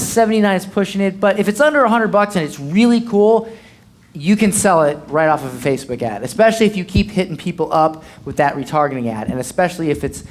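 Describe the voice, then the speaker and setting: A marketing coach giving punchy, blunt advice in a live Q&A, peppered with "okay?" and "boom" and the occasional swear word.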